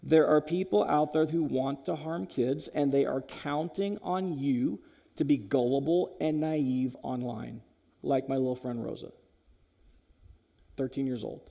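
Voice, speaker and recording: At a school chapel, a man gives an animated, direct talk, alternating loud punchy lines with low hushed ones and calling listeners "you guys." His gravelly voice keeps a measured pace, and the audio is dull.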